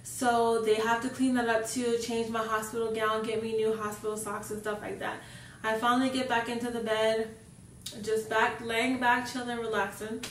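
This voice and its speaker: A young woman tells a personal story as a vlogger, in a loose, rambling way that keeps circling back on "like". Her voice sits a bit high, and the mic is set back from her, so the room echoes around her words. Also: flat delivery, normal speed, far from the mic, a little hiss or hum. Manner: chatty, fills sentences with "like". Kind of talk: casual storytelling.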